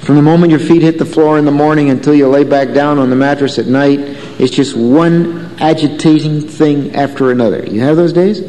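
A man's voice: a little high, a little fast, warm tone, in a large hall. A man preaching a sermon in a conversational way, telling a story and asking the congregation questions. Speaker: pastor.

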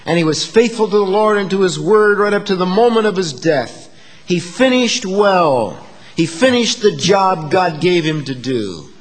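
A pastor delivers a dynamic sermon in a high, lively voice that leaps across a wide range, swinging from a hush up to emphatic declarations. His words ring out with a long echo through a big sanctuary, while faint, unhurried music plays behind him.

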